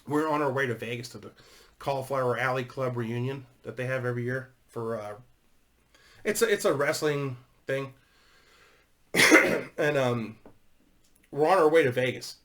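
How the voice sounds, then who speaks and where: A man's voice: medium pitch, bright, forceful tone. A man telling a long rambling story to his viewers, swearing constantly and laughing as he goes. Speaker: YouTuber.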